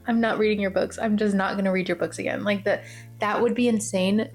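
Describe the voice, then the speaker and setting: A young woman chats casually to camera as a book vlogger, gushing and circling back to the same points with plenty of fillers. Her voice sits in a middle pitch, with faint music playing underneath. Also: steady tone, brisk. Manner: gushing, repeats herself, many fillers. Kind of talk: casual chat.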